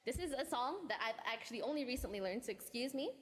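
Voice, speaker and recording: A woman's voice: fairly high pitch, lively intonation, fast talker, very noisy. A woman hosting a live stream in casual chat, giggly and a little nervous, with pet phrases she keeps repeating. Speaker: streamer host.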